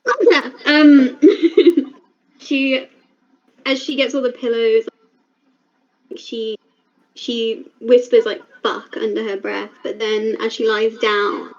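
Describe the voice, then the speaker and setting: A woman with a slightly high voice plays in an online tabletop game, casually narrating her character's actions. Her voice comes through a dull, lo-fi call line. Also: slow pace, long pauses, darkish tone. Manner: chatty, describes her character in third person. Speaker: player.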